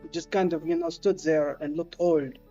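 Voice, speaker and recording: A woman's voice: deep voice, fairly even intonation, normal speed, warm tone. A woman voicing a pompous French woman artist and cook with a put-on French accent, in improvised comedic role-play. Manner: grandiose, self-important, dry. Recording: dull lo-fi stream audio, faint music.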